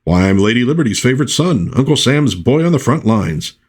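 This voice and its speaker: A man's voice: mid-range voice, sing-song, brisk, slightly rough, voice pushed up. A man reading the lines of an old-fashioned patriotic superhero who lectures younger heroes in folksy, old-timey phrasing. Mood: lecturing. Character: old-fashioned patriotic male superhero, stern but kindly.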